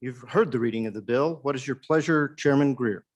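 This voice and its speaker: A man presiding over a legislative session, calling votes in measured, formulaic phrases. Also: mid-range voice, muffled recording. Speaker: presiding chairman. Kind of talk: procedural chairing. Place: legislative chamber.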